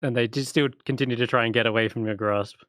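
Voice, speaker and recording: A man's voice: mid-range voice, steady tone, fairly bright tone, dry recording. Game master, male, casual narration, dry sound. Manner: casual, laughing, quick asides. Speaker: dungeon master.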